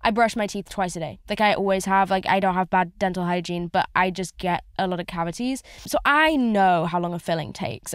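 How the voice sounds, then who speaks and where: A woman rambles through a candid solo podcast from inside her car, swearing and filling gaps with "like". Her voice sits at a middling pitch. The sound is dry and close, with no room ring. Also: no room sound. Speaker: podcast host. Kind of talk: casual solo podcast chat.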